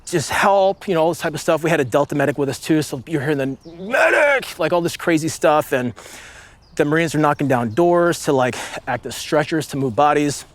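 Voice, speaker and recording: A man in his late thirties, a former marine sniper, telling a story in casual conversation, rambling with lots of "like" and acting out shouts. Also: fairly high pitch, fast talker. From United States. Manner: rambling, with many "like" fillers and vivid acted-out shouts.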